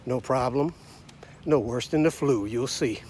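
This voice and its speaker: A man's voice: medium pitch, measured pace, darkish tone, a little hiss or hum. A man in his sixties or seventies from the United States, delivering a blunt, combative, preachy rant straight to camera. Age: 60s to 70s. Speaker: vlogger. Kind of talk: ranting monologue to camera.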